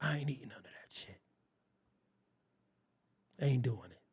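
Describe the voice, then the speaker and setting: A man hosting his own show, telling a rambling, profane story in a casual, animated way. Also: medium pitch, unhurried, breathy edge. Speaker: host.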